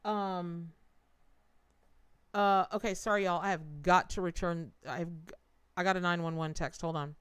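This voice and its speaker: A woman doing a tarot reading on a live stream talks at normal speed in a lowish, clean voice with fairly even intonation, pausing often. She chats with her viewers directly and leans on repeated words for emphasis.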